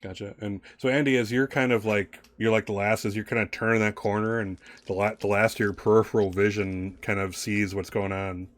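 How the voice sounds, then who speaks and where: A man's voice: fairly low pitch, steady tone, fairly quick, few pauses. A man narrating as game master of a tabletop game, rambling with many fillers and restarts.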